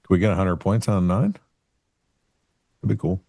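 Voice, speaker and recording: Very deep-voiced, dry-sounding man. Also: moderate pace, creaky, mellow, no room sound. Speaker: co-host trader. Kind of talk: casual live trading-show chat.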